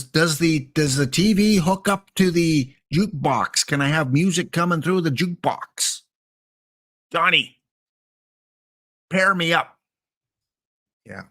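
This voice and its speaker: A man putting on a befuddled old geezer. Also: bright, forceful tone. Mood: pleading. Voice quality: high, put-on accent. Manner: bewildered, rambling, drawn-out words. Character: confused old man fumbling with new gadgets.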